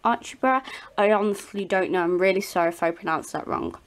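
A woman's voice: lowish voice, fairly even intonation, fast talker. Hesitant British woman reading fan mail. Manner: hesitant, apologetic, stumbles on names. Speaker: doll channel host. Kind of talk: reading fan messages aloud.

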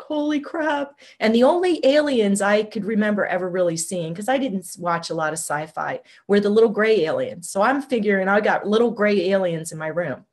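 A woman guest in an interview, telling a personal story in an animated, conversational way, often saying "like". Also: fairly low pitch. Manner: animated, conversational, uses "like" a lot. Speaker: guest, shamanic healer.

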